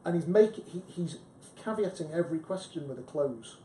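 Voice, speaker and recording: Male panelist, chatty and emphatic, faint rumble behind. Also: lively intonation, moderate pace, dark tone. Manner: chatty, emphatic, frequent restarts. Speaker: book club panelist. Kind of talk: casual discussion. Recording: echoey room with faint rumble.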